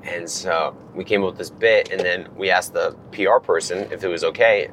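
A man in his thirties, animated, telling a long story in casual chat from a car and acting out the lines of others. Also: low-pitched, normal speed, slight background noise. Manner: animated, acts out quotes from others. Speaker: guest.

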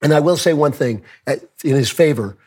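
A man hosting his commentary show with a hoarse, worn voice from a cold, talking conversationally with chuckles and joking asides. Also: a little high, fairly quick, darkish tone. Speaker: podcast host. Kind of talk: opinion commentary monologue.

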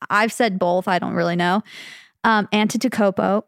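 A chatty young woman co-hosts a podcast, rambling a little and second-guessing herself mid-sentence. Her voice sits at a middle pitch, recorded close and dry. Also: fairly even intonation, moderate pace, creaky, clear, resonant tone, no echo. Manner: chatty, rambling, self-questioning. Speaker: podcast co-host. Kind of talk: casual chat.

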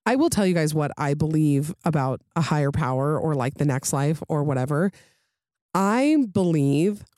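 A woman's voice: low-pitched, warm tone, no room sound, studio quality. A woman hosting a podcast, chatting casually with lots of fillers and reading out listener stories. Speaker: podcast host.

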